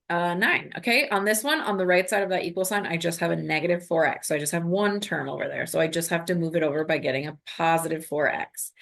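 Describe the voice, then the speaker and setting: A woman's voice: fairly low pitch, gravelly, fairly bright tone. A woman math teacher recording a lesson, talking students through each step in an upbeat, coaching way.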